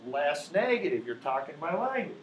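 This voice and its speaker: A man whose voice sits on the high side lectures a math class at normal speed, very animated, going patiently through each step and frequently asking students "right?" Faint background noise and echo fill the classroom.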